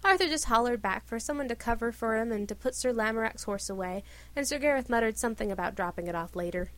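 A woman reading a story aloud with expressive narration. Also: a little high, fast talker. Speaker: reader. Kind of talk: reading fan fiction aloud.

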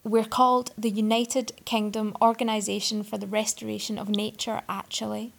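A woman's voice: medium pitch, flat delivery, moderate pace, vocal fry, lightly acted. Woman playing a stammering flustered young man. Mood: peevish. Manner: stammering, apologetic then peevish.

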